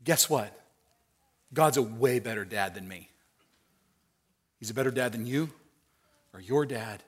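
A middle-aged man preaching a sermon, acting out quoted voices and swinging between hushed, tender lines and loud, emphatic ones. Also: medium pitch, unhurried, breathy edge. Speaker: pastor.

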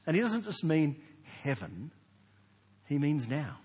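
A man, preaching a sermon in a large church in a lively, conversational way with rhetorical questions. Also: mid-range voice, moderate pace, husky. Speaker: pastor. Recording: long hall reverb.

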